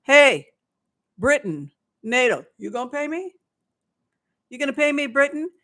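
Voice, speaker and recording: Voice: high-pitched, very animated, a little slow, pushed and bright, voice pushed up, full character voice. A livestream host voicing an angry male mercenary boss who keeps demanding the pay he is owed. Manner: indignant, repetitive demanding.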